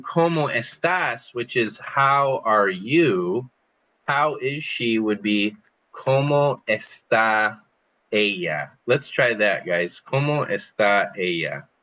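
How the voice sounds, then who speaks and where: A man's voice: on the low side, pushed and bright, low-quality recording. A man teaching an online group language lesson over a computer, patiently explaining and repeating phrases for students to copy. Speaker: Spanish teacher.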